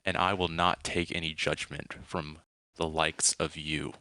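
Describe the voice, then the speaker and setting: A man voicing an unsettling ship captain who speaks in an oddly friendly, deliberate way. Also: extremely low pitch, level tone, bright, forceful tone, clean tone, no echo, exaggerated voice. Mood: defiant. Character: unsettling male ship captain, calm and heretical.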